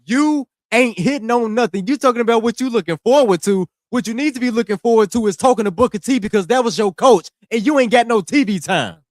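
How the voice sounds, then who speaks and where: A man's voice: extremely high pitch, fast talker, few pauses, darkish tone, no room sound, clean studio sound. A young man hosting a wrestling podcast, ranting in a heated, slangy, scolding way. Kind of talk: casual ranting commentary.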